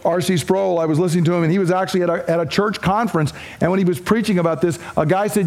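A man's voice: high-pitched, steady tone, fast, few pauses, a little mellow. A man preaching an expository sermon, speaking emphatically and repeating his points for stress. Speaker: pastor.

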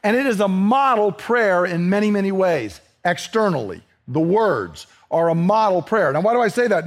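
Male pastor, fairly high voice, emphatic expository preaching. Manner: earnest, emphatic, slows down for scripture readings. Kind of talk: expository sermon.

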